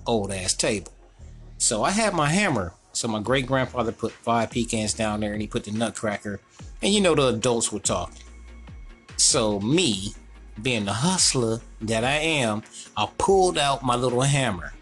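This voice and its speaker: A man spins a family story in loose everyday slang and keeps breaking into laughter as he goes. His voice sits at an ordinary middle pitch. Soft music plays faintly in the background. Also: normal speed. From North Carolina, US. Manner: animated, laughing, slangy, repeats "you know what I'm saying". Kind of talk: casual storytelling.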